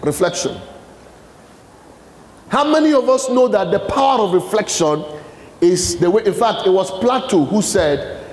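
In a high, slightly mellow voice, the Nigerian motivational speaker keeps a measured pace, pausing often, with lively intonation. He quizzes a live audience with fill-in-the-blank questions during a leadership talk in a large hall full of long reverb.

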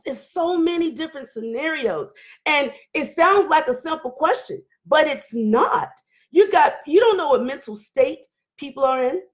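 A hoarse woman hosting a casual livestream, talking loud and candid while she reads viewer comments. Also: high voice. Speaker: livestream host. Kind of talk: casual live chat reading viewer comments.

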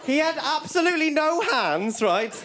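A man's voice: very high-pitched, sing-song, moderate pace. A male stand-up comedian, telling rambling stories on stage and tagging lines with "right?". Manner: rambling storytelling, keeps checking in with "right?". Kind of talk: stand-up routine. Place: stage before a studio audience. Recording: loud audience laughter and crowd noise.

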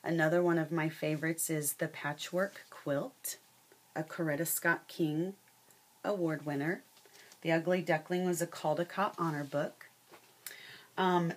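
A woman giving a class presentation and reading a fable aloud, unhurried with many fillers. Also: on the low side, fairly bright tone.

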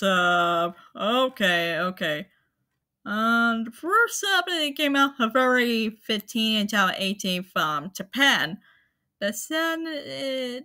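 Slow, bright-voiced woman vlogger. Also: medium pitch. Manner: halting, apologetic, many fillers and restarts. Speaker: anime channel host. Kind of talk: casual spoken rundown to viewers.

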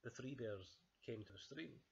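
A man reading a children's storybook aloud in an expressive, unhurried way. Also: mid-range voice, creaky, breathy edge, highs cut off.

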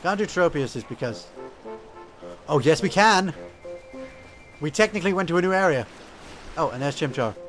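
Man, casual gameplay commentary, self-mocking, lively, faint game music behind. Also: on the high side, normal speed, long pauses. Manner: self-mocking, laughs at himself.

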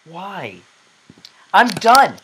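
A man's voice: high voice, very animated, very slow, slight background noise. A young man playing a video game and commentating, screaming and swearing in frustrated outbursts. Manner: cries out in sudden loud outbursts. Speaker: gamer. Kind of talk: let's play gameplay commentary.

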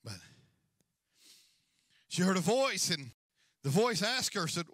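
A male senior pastor preaching a sermon, telling the story with swings from hushed asides to loud, urgent lines and calls for amens. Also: sits high, very animated, slow, no room sound, studio quality.

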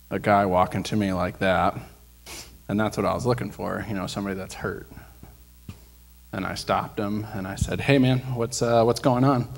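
A man giving a sermon testimony at church, telling his story with excitement and acting out the dialogue. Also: lowish voice, gravelly. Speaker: guest speaker sharing a testimony. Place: church sanctuary. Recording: long church hall reverb.

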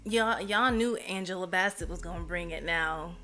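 A woman live streamer chatting casually with her viewers, emotional and expressive. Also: fairly low pitch, normal speed.

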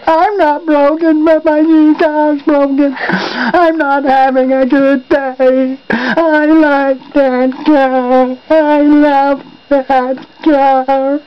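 Woman voicing a high, slow, sulky dinosaur, dull lo-fi home recording. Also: flat delivery. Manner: indignant, sulky, wailing complaints. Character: angry, whiny male dinosaur homeowner. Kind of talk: homemade toy comedy skit.

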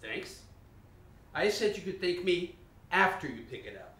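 A man's voice: high voice, very animated, measured pace, fairly bright tone, a little hiss or hum, exaggerated voice. An actor playing a hot-headed, crude middle-aged man who bullies and taunts people with profanity. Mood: menacing. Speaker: actor in a short comedy film. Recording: roomy, distant, music behind.

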